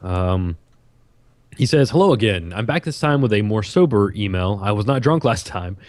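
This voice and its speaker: A man's voice: fairly low pitch, animated, normal speed, darkish tone, no echo. A man co-hosting a podcast, laid back, with short replies and chuckles. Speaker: podcast co-host. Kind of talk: casual chat.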